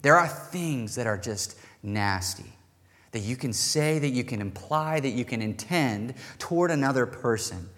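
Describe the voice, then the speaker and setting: A man preaching a sermon as pastor, emphatic and animated, with rising bursts of energy. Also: mid-range voice, measured pace. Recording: long reverb in a large hall.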